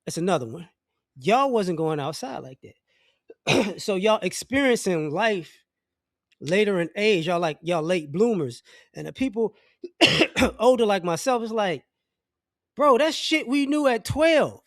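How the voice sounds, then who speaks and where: A middle-aged man with a notably high voice delivers a blunt, profane opinion rant to camera. He rambles and restarts his sentences as he talks. The recording is dry and close, with no room sound. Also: animated, a little slow, long pauses, fairly bright tone, no room sound. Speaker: vlogger.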